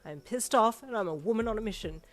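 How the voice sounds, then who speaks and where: A woman's voice: fairly low pitch, moderate pace, natural voice. A woman voicing a stubborn, hurt young woman in a fanfiction audio reading, speaking in a raised, emphatic way. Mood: urgent. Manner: urgent, raised, emphatic speech.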